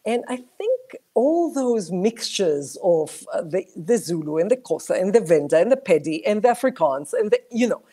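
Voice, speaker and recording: A woman with a mixed South African accent, a guest talking on a video call, expressive and searching for words. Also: mid-range voice, moderate pace. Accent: South African mixed with other languages. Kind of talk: casual interview over video call.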